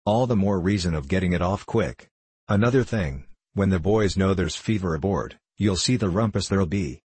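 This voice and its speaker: Hulking savage convict brute, husky and low; man reads it. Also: lively intonation, normal speed, darkish tone, dry recording. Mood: grudging. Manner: savage, gruff, slangy threats. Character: hulking brutish male convict giant.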